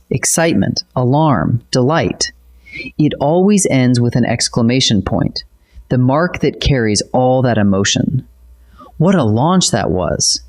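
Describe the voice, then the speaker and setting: A teacher narrating a scripted grammar lesson in a measured, explanatory way. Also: mid-range voice. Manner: measured, explanatory, lively intonation.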